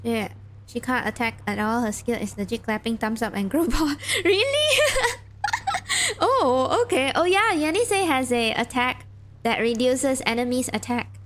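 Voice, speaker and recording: A woman's voice: sits high, animated, normal speed, a bit bright. Chatty woman streamer thinking aloud. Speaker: streamer playing a game. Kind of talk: casual gameplay commentary, reading game text aloud.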